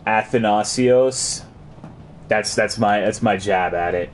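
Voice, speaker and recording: A man's voice: lowish voice, fairly even intonation, normal speed, a little hiss or hum. A man streaming a game, chatting casually and crudely as he reads and answers his chat.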